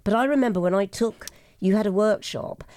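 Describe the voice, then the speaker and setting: A woman hosting a chat, talking in a rambling, halting way and getting emotional. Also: mid-range voice, a little mellow, dry recording, clean studio sound. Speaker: host. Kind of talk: casual chat.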